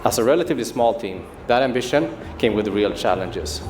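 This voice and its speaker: A man, a game studio's creative director, giving a polished, measured scripted presentation. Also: on the low side, expressive, a little mellow, slight background noise. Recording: roomy studio video with music underneath. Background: music.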